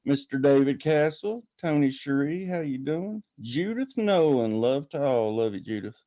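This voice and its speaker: A man's voice: mid-range voice, animated, moderate pace, warm tone, dry recording. A man hosting a call-in podcast, chatting casually in a folksy, rambling way and greeting viewers by name. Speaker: podcast host. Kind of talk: casual live-stream chat.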